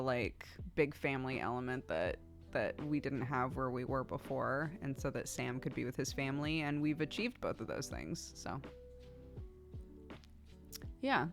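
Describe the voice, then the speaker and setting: A woman's voice: low-pitched, fairly bright tone. An American woman in her thirties, a streamer chatting casually and rambling, laughing often. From United States. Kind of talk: casual chat with chat.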